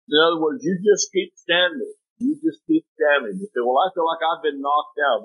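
A man preaching a sermon, telling folksy stories with sudden jumps in pitch. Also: animated, normal speed, hardly any pauses, husky. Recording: tinny phone-like audio.

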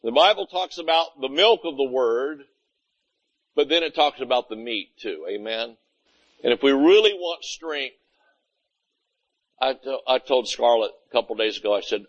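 A man's voice: medium pitch, expressive, moderate pace, pauses often, dull audio. A man preaching a conversational sermon, often asking "Amen?" and acting out little scenes of everyday talk. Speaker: pastor.

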